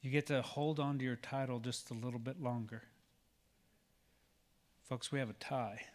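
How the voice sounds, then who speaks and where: Joking Oklahoma emcee in a big hall. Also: male voice, mid-range voice, steady tone, normal speed. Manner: joking, chatty. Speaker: pageant emcee. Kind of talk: live event hosting. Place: large auditorium. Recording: long hall reverb.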